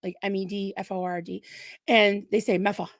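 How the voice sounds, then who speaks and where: A woman's voice: mid-range voice, little pitch movement, dry recording, studio quality. Bubbly woman co-hosting a stream. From Massachusetts, US. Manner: bubbly, laughing, quick asides. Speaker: co-host of a livestream. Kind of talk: casual livestream chat.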